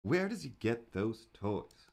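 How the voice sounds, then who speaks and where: Rambling, excitable man on a livestream. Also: medium pitch, slow. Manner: rambling, excitable, with frequent fillers. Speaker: livestream host and cartoonist. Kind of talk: casual livestream chat.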